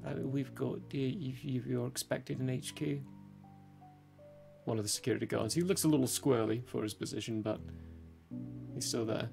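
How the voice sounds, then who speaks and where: Game master, male, gravelly fry in the voice, relaxed scene narration. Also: medium pitch, normal speed, pauses often, faint music behind. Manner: relaxed, describes scenes, laughs easily.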